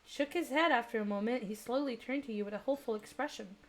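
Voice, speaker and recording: A young woman with a higher voice talks fast while streaming, reading a dating game aloud and chatting with viewers. She's excitable and breaks into squealing laughs.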